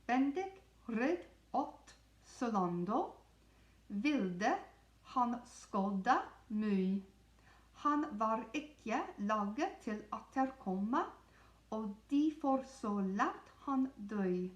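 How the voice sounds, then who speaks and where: Slow-spoken woman coaching song pronunciation. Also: mid-range voice. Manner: reads lyric lines slowly, then explains sounds in quick asides. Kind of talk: pronunciation lesson for song lyrics. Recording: echoey room.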